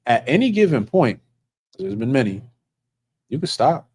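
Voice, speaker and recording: A man's voice: medium pitch, sing-song, moderate pace, darkish tone, breathy edge, low-quality recording. A man who serves as an officer of a religious group, telling stories in a casual, earnest way. He rambles and restarts often. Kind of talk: casual storytelling.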